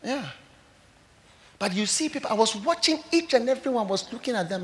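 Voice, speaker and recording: A man with a Ghanaian accent, a pastor preaching a sermon and telling stories with animation, moving between loud exclamations and quiet asides. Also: extremely high pitch, lively intonation, brisk. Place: church service hall.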